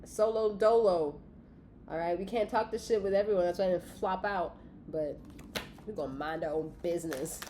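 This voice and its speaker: Congested low-voiced woman reading tarot. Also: brisk, dark tone, a little hiss or hum. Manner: loose, profane, giggly. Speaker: tarot reader. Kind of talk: casual spiritual reading, talking to viewers.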